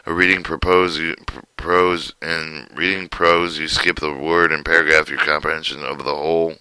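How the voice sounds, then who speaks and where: A man reading a textbook lesson aloud in a halting way, often restarting and stumbling over words. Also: extremely low pitch, little pitch movement, bright, forceful tone, smooth, no room sound, poor audio. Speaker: teacher reading a textbook chapter.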